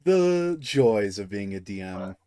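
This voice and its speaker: A man running a tabletop game as dungeon master, narrating in a halting way with frequent pauses and restarts. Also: lowish voice, sing-song, mellow. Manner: halting, slow, many fillers and restarts.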